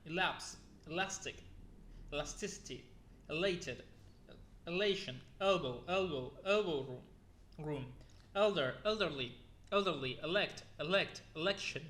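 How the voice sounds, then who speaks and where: A young man plods through a long list of words, one after another, sometimes tripping and starting a word over. His voice sits a little high for a man. The sound bounces around an echoey room. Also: bright, forceful tone. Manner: plodding word-by-word reading with restarts and weary asides. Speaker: YouTuber. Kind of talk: reading a word list aloud.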